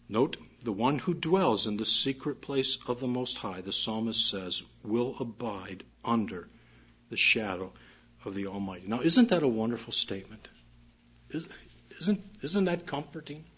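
A man's voice: medium pitch, a bit bright, husky. A man preaching a morning sermon, reading scripture aloud and repeating key phrases with emphasis. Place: church service. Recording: muffled dull recording.

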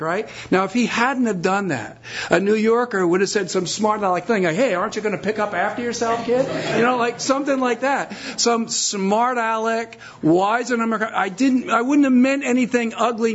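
A man's voice: sits high, highs cut off. A middle-aged man from the New area, a pastor chatting and joking with his congregation before his sermon. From New York metropolitan area. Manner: chatty, self-deprecating, joking storyteller.

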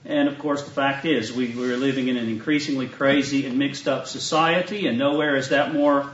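In a church retreat meeting room, a Southern pastor reads scripture aloud and then preaches to his flock in a measured, steady voice that is mid-range and fairly bright. The live recording is echoey, distant, dull and muffled, as if taped from the back of the hall, with slight background noise.

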